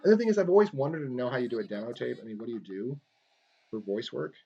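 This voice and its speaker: A man's voice: medium pitch, lively intonation, fast, vocal fry, warm tone, slightly rough, lo-fi sound. A man chatting casually while he draws on a live stream, rambling along with lots of fillers and restarts. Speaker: artist live-streaming a drawing session. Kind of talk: casual chat while drawing. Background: faint guitar music.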